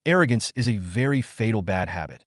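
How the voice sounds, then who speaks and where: A man voicing a composed young man who runs a nightclub, speaking in a cool, measured way. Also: on the low side, animated, dry recording, clean studio sound.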